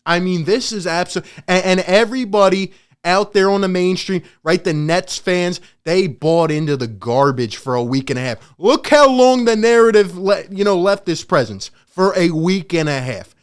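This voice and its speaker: A man hosting a sports channel, ranting in emphatic, excitable commentary and laughing often. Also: high voice, normal speed, clear, resonant tone.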